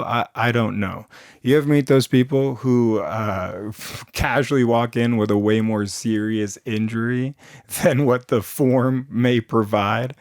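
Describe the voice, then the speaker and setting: A man's voice: mid-range voice, dry recording, studio quality. Chuckling man telling rambling stories. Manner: rambling, chuckles between lines, lots of fillers. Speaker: storyteller. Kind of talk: improvised comic storytelling.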